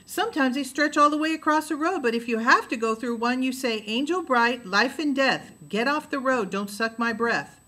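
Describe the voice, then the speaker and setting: A woman voicing a bossy, excitable young boy in an audiobook reading, earnest and commanding. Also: high-pitched, normal speed, hardly any pauses, pitched above the performer's own voice. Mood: earnest spooky. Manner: earnest, commanding, raises to shouts.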